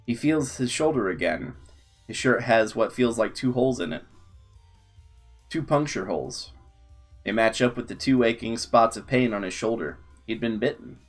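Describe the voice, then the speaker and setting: A man reading a long story aloud in an even, unhurried narrating voice. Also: medium pitch, faint music behind.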